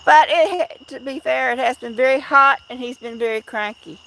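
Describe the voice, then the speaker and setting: A chatty middle-aged woman hosting a live stream outdoors at night, rambling along and greeting her viewers by name. Her voice sits a little high and bright, with a gravelly edge. Crickets chirp faintly behind her. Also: moderate pace, slight background noise. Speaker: livestream host.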